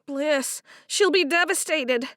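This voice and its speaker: A woman voicing a young woman who is grieving and tearful, speaking high and loud in an audiobook. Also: takes it slowly, dry recording, studio quality. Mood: distressed. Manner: high and loud, choked with distress. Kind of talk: audiobook character voice.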